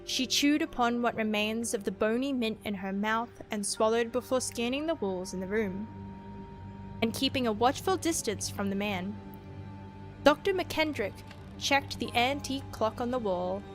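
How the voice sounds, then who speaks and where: A woman's voice: fairly high pitch, animated, normal speed, soft background music. An Australian woman streamer reading horror stories aloud, chatting casually and rambling with giggles and swearing. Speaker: VTuber streamer.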